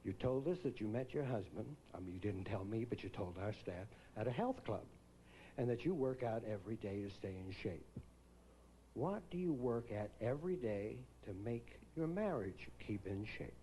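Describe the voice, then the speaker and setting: A man hosting a live pageant on stage, teasing the contestants with quick jokes as he interviews them. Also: on the low side, expressive, dark tone, a little hiss or hum, low-quality recording. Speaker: pageant host. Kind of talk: joking live pageant emcee.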